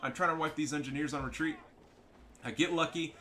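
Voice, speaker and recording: A young man giving casual, profane, excitable commentary over his own strategy game match. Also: on the high side, brisk, slight background noise. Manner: profane, excitable, trash-talking. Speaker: gameplay commentator.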